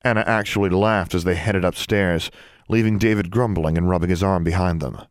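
A man with a very low voice reads a storybook aloud. His delivery is steady and measured, and the recording is close and dry, with no room sound. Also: no room sound. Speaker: audiobook narrator. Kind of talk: scripted audiobook narration.

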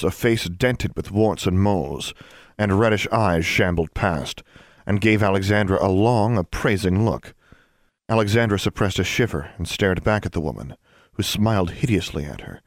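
A man narrating an audiobook in an even, steady storytelling manner. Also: low-pitched, dry recording, studio quality.

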